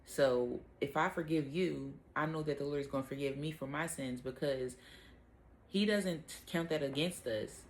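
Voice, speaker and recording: A woman's voice: low-pitched, moderate pace, a little hiss or hum. A young adult woman hosts a casual devotional talk, conversational with fillers and self-corrections. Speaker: host of a Bible talk.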